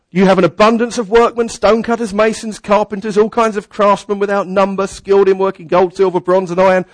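A man's voice: high-pitched, steady tone, fairly quick, dry recording, rough recording. A man preaching a sermon, reading scripture aloud and breaking in with plain, casual explanations. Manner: reads scripture aloud and adds plain asides.

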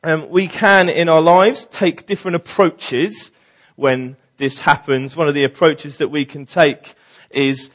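A man leading a church team, giving a casual, lively sermon with many fillers and acted-out quotes. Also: mid-range voice, a little slow. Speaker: church team leader preaching.

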